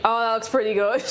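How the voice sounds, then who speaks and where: An Irish woman streaming from her home kitchen, chatty and playful as she reads out chat messages. Her voice sits fairly high and swings up and down a great deal. Faint music plays behind her. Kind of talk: casual cooking livestream chat.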